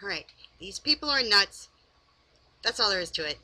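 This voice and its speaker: A woman's voice: medium pitch, sing-song, normal speed, rough recording. A woman doing a casual late-night recap from home, tired, chatty and exasperated. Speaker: recap vlogger. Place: home, in pajamas.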